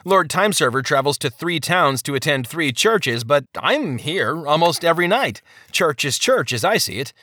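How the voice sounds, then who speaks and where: A man's voice: a little high, very animated, normal speed, bright, forceful tone, no echo, clean studio sound, voice pushed up, full character voice. A man voicing a brash young card player who answers curtly and irritably. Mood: sly. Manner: curt, irritable.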